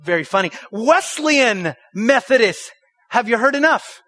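Emphatic high-voiced male pastor preaching. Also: lively intonation, unhurried, pushed and bright, dry recording. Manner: emphatic, rhetorical questions, leads the congregation in repeating lines. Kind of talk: sermon.

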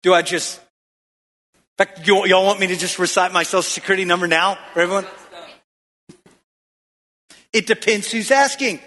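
A man's voice: sits high, moderate pace, pauses often, bright, forceful tone, big-room sound. A male pastor preaching a sermon in a church, throwing questions out to the congregation and calling for answers.

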